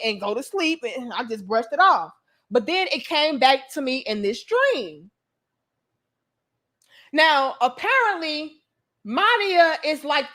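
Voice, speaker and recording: A young adult woman tells a story to her viewers in a casual, animated, chatty way, swearing freely and calling them y'all. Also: high voice. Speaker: vlogger.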